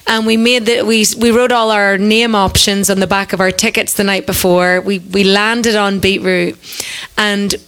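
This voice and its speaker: A woman from Northern Ireland with a Northern Irish accent, a musician guest telling stories in casual chat, quick to laugh. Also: medium pitch, smooth. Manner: lively storyteller, laughs easily.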